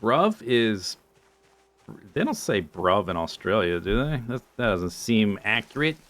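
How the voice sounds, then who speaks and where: A man's voice: lowish voice, animated, normal speed, fairly bright tone. A man streaming a survival game, talking casually to chat, joking dryly and muttering through his inventory. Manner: dry, joking, muttering lists to himself. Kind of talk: casual gameplay commentary.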